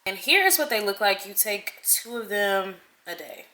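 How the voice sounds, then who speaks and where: A woman's voice: mid-range voice, lively intonation, moderate pace, sharp tone. A young woman chatting casually to camera in a vlog, dramatic and talking to viewers as y'all. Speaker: vlogger. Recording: echoey room.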